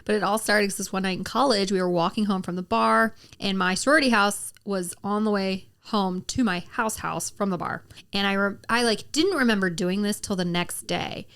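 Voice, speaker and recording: A pregnant woman in her thirties co-hosting a casual podcast, telling stories in a relaxed, wry, chatty way. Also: medium pitch, normal speed, few pauses, smooth. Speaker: podcast co-host. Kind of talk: casual chat.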